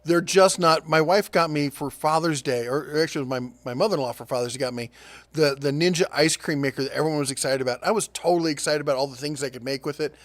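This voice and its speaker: A middle-aged man hosting a casual deals rundown, chatty and quick with asides, laughing at his own jokes. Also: a little high, no echo. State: prone to coughing fits. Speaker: host of a tool and deals channel.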